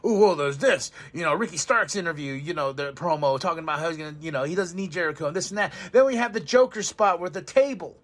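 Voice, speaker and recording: Excitable, laughing podcast host man. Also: a little high, quick pace, few pauses. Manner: excitable, rambling, laughs often, swears freely. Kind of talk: casual wrestling show review.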